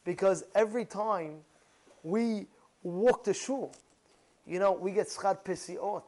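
Rabbi, male, very high voice; animated, emphatic preacher who keeps asking his congregation questions, non-native English phrasing. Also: slow pace, poor audio. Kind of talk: sermon to a congregation.

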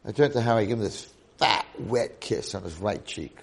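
A man in his sixties, a rabbi, telling a story to his congregation in an animated way with dramatic swings in loudness. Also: lowish voice, brisk, vocal fry, breathy edge.

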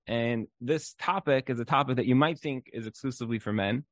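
A man's voice: medium pitch, fairly quick, dry recording. A man giving a casual Torah class, telling stories in a loose conversational way, often saying "like". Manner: conversational storytelling with frequent "like" fillers. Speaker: Torah teacher.

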